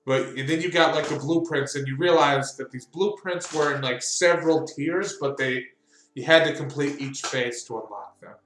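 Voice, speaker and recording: A man's voice: fairly high pitch, normal speed, fairly bright tone, slight background noise. A man narrating as game master of a tabletop role-playing game, rambling and restarting often. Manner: rambling, full of fillers and restarts. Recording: echoey room.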